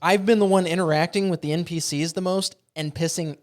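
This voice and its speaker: A man's voice: fairly high pitch, fairly even intonation, fairly quick. A man co-hosting a casual gaming podcast, talking with enthusiasm and swearing freely. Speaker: podcast co-host. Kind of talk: casual chat.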